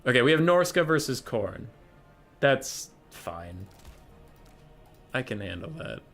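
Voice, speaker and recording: A man's voice: medium pitch, big pitch swings, takes it slowly, a bit bright, faint music behind. A young man casually commentating his own strategy game stream, chatty and thinking aloud.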